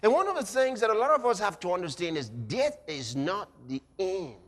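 A man preaching a sermon dramatically, swinging from shouts to quiet and acting out scenes. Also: high voice, sing-song, a little fast. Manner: dramatic, shouting at peaks then dropping quiet, acts out scenes. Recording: echoey hall.

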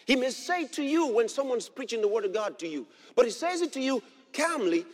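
A man preaching a sermon as pastor, emphatic and building to shouts. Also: very high-pitched, sing-song, a little fast. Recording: long hall reverb.

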